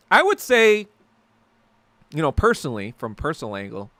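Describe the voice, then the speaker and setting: A man's voice: on the high side, huge pitch swings, measured pace, a bit bright, no echo. A man hosting a casual podcast chat, rambling and sarcastic, swearing often as he reads and answers viewer comments. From New York. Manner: rambling, profane, sarcastic ranting. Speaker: podcast host.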